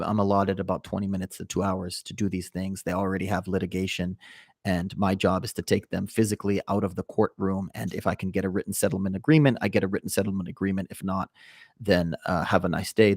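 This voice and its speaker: A young man hosting a livestream, telling a long anecdote in a calm, rambling way with fillers. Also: sits low, quick pace, no echo, studio quality. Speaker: livestream host. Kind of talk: casual storytelling to a live chat.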